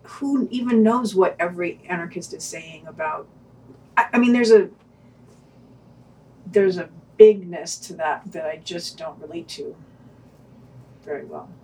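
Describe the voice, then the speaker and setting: This woman co-hosts a podcast of reviews and casual discussion, sounding wry and hesitant as she restarts her thoughts. Far from the mic and a little off it, her voice is on the low side and darkish, unhurried, with long pauses.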